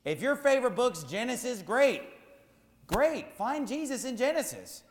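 A man preaching a sermon as pastor, emphatic and repetitive, rising to shouts at times. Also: very high voice, sing-song, unhurried, echoey room, in a large hall, background noise.

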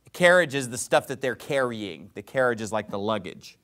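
A man preaching a sermon who reads scripture and explains it in a casual, animated, sarcastic way. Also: mid-range voice, fairly quick.

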